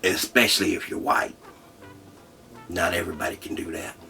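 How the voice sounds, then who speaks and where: A man hosting a comedy show, telling a profane story in a brash, loud way. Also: deep voice, little pitch movement, moderate pace, vocal fry, faint music behind. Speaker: host. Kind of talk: comedic monologue.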